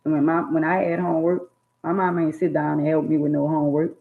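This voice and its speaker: A woman in casual chat about her childhood, talking in an animated way and acting out scolding parents in loud bursts. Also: low voice, fast talker, gravelly. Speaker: storyteller recalling childhood. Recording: tinny phone-like sound.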